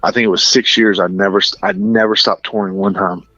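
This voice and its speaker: A man's voice: lowish voice, level tone, brisk, sharp tone, highs cut off. A man telling stories as a radio interview guest, in a chatty, casual way, often saying "dude" and "like" and laughing between lines. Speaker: interview guest, Christian musician. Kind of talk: casual storytelling.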